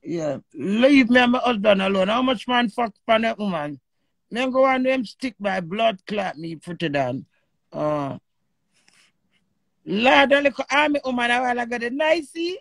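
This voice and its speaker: Brief: Jamaican woman, live-stream host, fiery and emotional, rough gravelly voice, dry close sound. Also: a little high, normal speed, no room sound. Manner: animated, emotional, swears freely in patois. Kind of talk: live-stream chat with callers.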